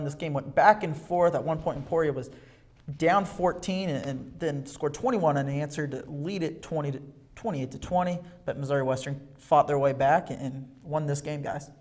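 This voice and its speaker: A young man co-hosting a sports show, narrating football highlights with energy and quick self-corrections. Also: a little mellow. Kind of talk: highlight play-by-play commentary.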